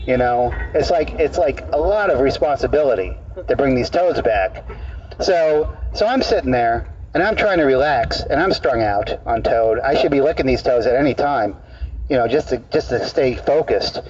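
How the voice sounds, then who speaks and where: A male street comedian telling a rambling, deadpan absurd story in halting, repeated phrases to people in an outdoor park. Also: mid-range voice, slight background noise. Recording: dull distant outdoor recording.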